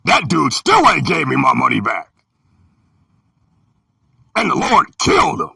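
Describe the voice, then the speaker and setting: Gravelly, preachy storyteller man in his 50s. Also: mid-range voice, wildly swooping pitch, a little slow, dry recording. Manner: emphatic, preachy, sometimes shouting. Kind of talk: storytelling talk. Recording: dry and distant from the mic.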